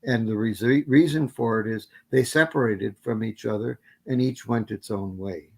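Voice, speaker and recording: A man's voice: on the low side, moderate pace, gravelly. Rambling man answering questions. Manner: rambling, self-correcting with many fillers. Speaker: guest lecturer. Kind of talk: academic Q&A answer.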